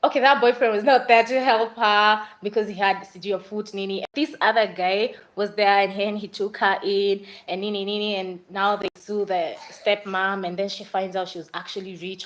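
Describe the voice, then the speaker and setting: A woman's voice: mid-range voice, poor audio. Young adult Kenyan woman, casual livestream vlogger, talkative and rambling. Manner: chatty, rambling, mixes in Swahili fillers. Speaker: vlogger reviewing movies.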